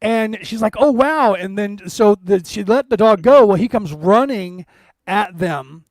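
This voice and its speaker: A man co-hosting a podcast over a video call, telling an anecdote in a lively way and acting out the people in it. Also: sits high, measured pace, no room sound. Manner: animated storyteller, acts out quotes. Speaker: podcast co-host. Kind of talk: casual storytelling chat.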